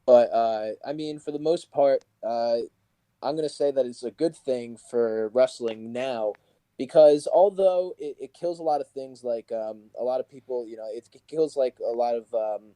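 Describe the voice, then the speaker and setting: A man's voice: mid-range voice, normal speed, mellow, no echo, rough recording. Young man telling rambling stories. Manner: rambling, filler-heavy storytelling. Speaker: professional wrestler, podcast guest. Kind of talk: casual storytelling interview.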